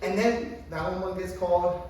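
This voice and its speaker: A thirtysomething man performs stand-up at a coffee shop open mic, wandering through his story with plenty of filler words and profanity. He speaks at a normal speed in a high-sitting, steady voice, captured from a distance in an echoey room with background noise.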